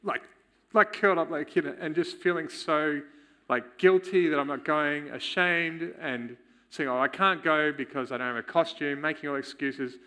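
Male church speaker, candid testimony, forceful bright tone. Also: fairly high pitch. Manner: candid, storytelling, quick chuckles. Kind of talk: personal testimony in a sermon.

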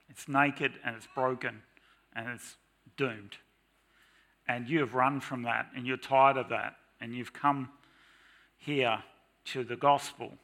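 A middle-aged man with a mid-range voice preaches in church, lively and dramatic, occasionally breaking into mock shouts to press his points.

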